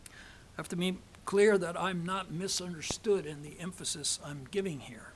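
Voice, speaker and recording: Older guy lecturing on theology, fairly high voice, slow and careful, lots of uh pauses. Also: fairly bright tone. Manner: measured, deliberate, with frequent "uh" pauses. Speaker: seminary professor lecturing. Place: seminar hall.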